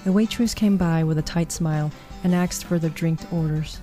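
Calm woman reading a story, low mellow voice, soft music under it. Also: moderate pace. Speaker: narrator. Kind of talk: storybook narration.

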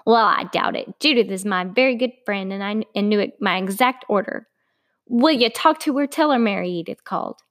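A woman's voice: medium pitch, fairly quick, lightly acted. A woman doing a curt, grumpy small-town woman caller. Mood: displeased. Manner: curt, displeased.

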